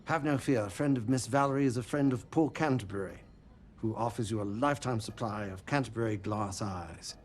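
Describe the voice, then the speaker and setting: An actor playing a pompous, middle-aged English glass-maker who delivers a boastful sales pitch in an English accent. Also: male voice, a little fast, darkish tone, slight background noise, natural voice. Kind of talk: film acting.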